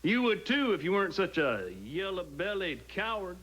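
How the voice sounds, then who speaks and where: A man's voice: high-pitched, big pitch swings, moderate pace, fairly bright tone, heavily acted, poor audio. An actor playing a pompous, wordy, haughty man in a soap opera. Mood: scornful.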